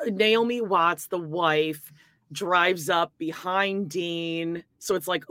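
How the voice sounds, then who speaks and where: A woman co-hosting a podcast over a video call, leading the topics in a steady, wry casual chat while coming down with a cold. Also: fairly low pitch, slow pace, no echo. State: coming down with a cold, clearing throat. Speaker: podcast co-host.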